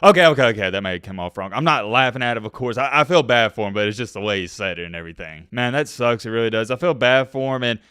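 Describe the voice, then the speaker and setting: A young man giving casual, slangy reaction commentary as a vlogger, talking in an animated, conversational way. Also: medium pitch, quick pace, hardly any pauses, clean tone, no echo, studio quality.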